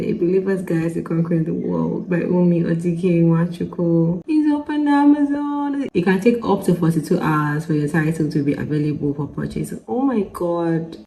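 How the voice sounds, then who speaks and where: A woman's voice: on the low side, warm tone. A young Nigerian woman vlogging with exuberant energy, repeating herself and laughing often. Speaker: author and vlogger. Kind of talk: excited casual vlog. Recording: echoey room with faint hum.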